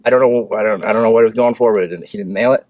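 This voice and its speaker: A man's voice: fairly low pitch, rapid-fire, darkish tone, no room sound. A man hosting his own film review show, talking casually and bluntly, rambling with restarts and sudden bursts of speed. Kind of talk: casual opinionated movie review.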